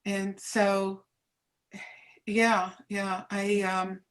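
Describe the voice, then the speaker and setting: Slow, hesitant older woman. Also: mid-range voice, little pitch movement. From New Jersey, US. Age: 70s. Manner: hesitant, many ums and restarts. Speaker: guest. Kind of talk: casual reminiscing chat.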